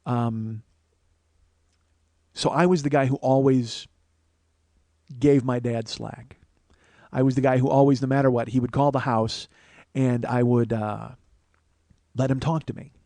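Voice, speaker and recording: A man in his forties, a podcast host, telling a profane, animated comedic story. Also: mid-range voice, measured pace, pauses often, no echo. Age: 40s. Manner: profane, animated, restarts often.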